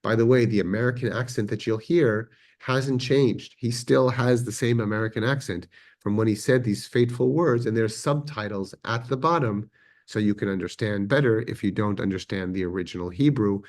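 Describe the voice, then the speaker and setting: A man's voice: on the low side, moderate pace, a little mellow. A man teaching a history lecture to a class in a conversational way, with fillers and self-corrections. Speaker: adult education teacher. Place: synagogue classroom.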